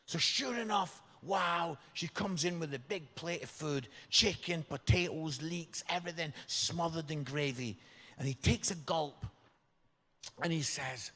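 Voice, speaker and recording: A man's voice: fairly high pitch, unhurried. An English man preaching a humorous sermon, telling stories and asking the congregation questions. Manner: jokey, chatty, asks the congregation questions. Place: church hall. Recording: long reverb of a church hall.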